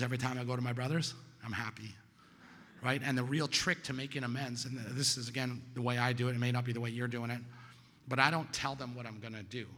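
A man speaks at a recovery meeting in a bright, forceful voice, telling his story casually and acting out quoted voices louder and higher. His voice rings with the long reverb of a big hall. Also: a little hiss or hum. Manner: conversational, storytelling, asks "right?" often. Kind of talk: personal testimony talk.

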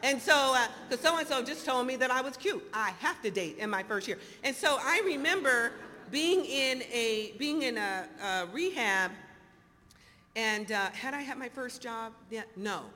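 A woman in her fifties telling her recovery story to an audience in an animated, storytelling way, acting out the dialogue. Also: fairly high pitch, unhurried. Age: 50s. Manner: animated storyteller, acts out dialogue, laughs often. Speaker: speaker sharing recovery story. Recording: hall reverb, faint noise.

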